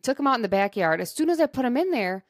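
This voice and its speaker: A woman co-hosting a podcast in casual chat, telling stories in an animated way and often laughing. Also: fairly high pitch, fast talker, no room sound, studio quality. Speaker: podcast co-host. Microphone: dynamic podcast microphone.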